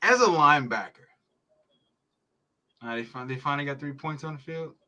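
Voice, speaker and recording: A man's voice: fairly high pitch, lively intonation, moderate pace, pushed and bright. A man hosting a podcast, reacting live to a football game in a heated, profane rant. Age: adult parent. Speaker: podcast host.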